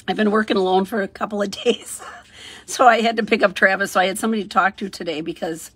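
A woman's voice: medium pitch, steady tone, fast talker, a bit bright, husky, no echo. A woman chatting casually through a craft demonstration, thinking aloud as she colors and cheerfully saying "ta-da" after each step. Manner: chatty, thinks aloud, sing-song "ta-da" while working. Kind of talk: casual craft tutorial narration.

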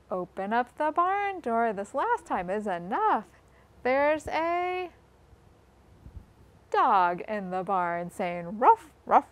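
A woman, a children's librarian, reading a rhyme to young children in a slow, sing-song way and inviting them to join in. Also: mid-range voice.

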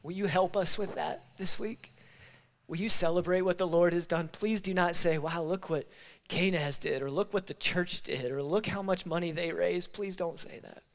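A man's voice: high-pitched, moderate pace. A male pastor giving closing remarks at a church service, emotional and rallying the congregation, his nose stuffy from crying. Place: church sanctuary.

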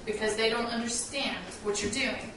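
A woman dog trainer giving a casual hands-on lesson indoors at home, explaining commands and breaking into high sing-song praise for the dog. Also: steady tone, moderate pace, background noise. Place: small room indoors in a house. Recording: echoey room, distant camera mic.

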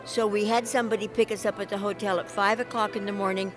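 A woman's voice: mid-range voice, level tone, quick pace, music in the background. Hesitant woman telling a travel story. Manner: hesitant, many fillers. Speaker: interviewee. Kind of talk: casual storytelling. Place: busy travel expo hall.

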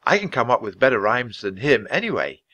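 A man voicing a bold, adventurous young girl in a storybook reading, with high, excited squeals. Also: fairly quick. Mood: eager.

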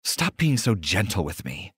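A man's voice: deep voice, very animated, normal speed, fairly bright tone, slightly rough, no echo, clean studio sound, full character voice. A man voicing a bold young woman omega in an audiobook romance, with earnest, intimate pleading. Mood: demanding.

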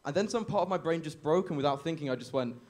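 A man's voice: a little high, animated, fast, darkish tone. Young guy doing standup, awkward self-deprecating bits, laughs at his own jokes, faint background hiss. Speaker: stand-up comedian. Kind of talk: stand-up comedy set. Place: comedy club stage.

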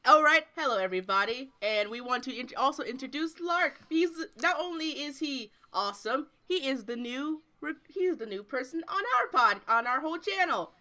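A woman's voice: high-pitched, lively intonation, moderate pace, few pauses, pushed and bright. A woman hosting a podcast, chatting casually and reading out news. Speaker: podcast host.

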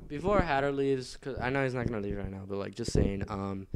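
A man's voice: medium pitch, fairly even intonation, a little fast, a crowd in the background. A man co-hosting a casual podcast, rambling with lots of "like" and casual swearing. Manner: rambling, many fillers and restarts, swears casually. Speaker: podcast co-host. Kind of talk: casual chat.

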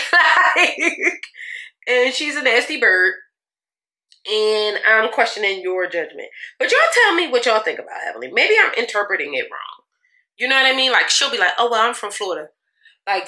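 Her high-pitched voice has a sing-song, sharp quality at a normal speed. The young beauty vlogger laughs often as she chats sassily with her viewers while getting ready, a casual get-ready-with-me recorded with room echo.

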